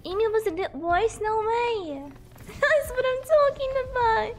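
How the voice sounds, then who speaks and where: Young woman, game streamer, very high voice, slow unhurried talk, hoarse from illness, giggly and repetitive, faint music underneath. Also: animated. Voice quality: hoarse, voice sounds broken from illness. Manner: laughs often, repeats herself, chats with viewers. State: sick, coughing. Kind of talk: casual live-stream chat while gaming.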